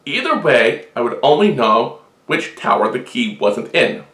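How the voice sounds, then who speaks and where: A sharp young knight walks through a riddle step by step, as a man acts him out. He speaks patiently, pleased with his own cleverness. The voice carries a roomy echo. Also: medium pitch, very animated, unhurried. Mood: explaining. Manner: explains logic patiently.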